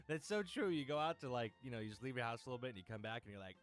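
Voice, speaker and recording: A man reading web comics aloud and reacting with giggly, animated commentary. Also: on the high side, fast talker, faint music behind. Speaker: comic reader.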